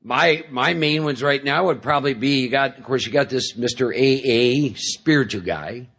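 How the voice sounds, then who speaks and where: Husky-voiced man telling stories to a crowd. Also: mid-range voice, normal speed, a bit bright. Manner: conversational, keeps asking the audience "see?"; jokey storytelling, acts out inner voices. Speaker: guest speaker at a recovery meeting. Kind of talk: speaker talk to a live audience.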